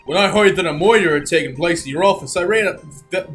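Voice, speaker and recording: A man reading game dialogue aloud in a loud, eager voice, playing a deferential adult male police detective. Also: high voice, big pitch swings, measured pace, soft background music, heavily acted.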